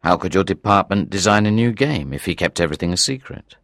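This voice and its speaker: A woman's voice: rumbling low, expressive, fast talker, fairly bright tone, no echo, clean studio sound, pitched below the performer's own voice, heavily acted. A woman voicing a polite, curious male police inspector, in audiobook character dialogue. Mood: inquiring. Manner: polite, inquisitive.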